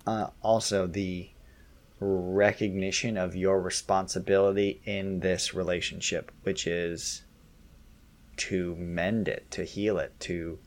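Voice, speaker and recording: A man co-hosting a podcast, chatting casually and affirming his partner, often pausing on fillers. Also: low voice, little pitch movement. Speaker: podcast co-host. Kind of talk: casual conversation.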